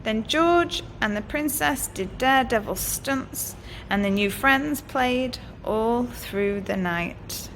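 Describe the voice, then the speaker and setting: Expressive slow-reading woman teacher. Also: a little high, a little hiss or hum. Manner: expressive and animated, slow and clear. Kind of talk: storybook read-aloud for children.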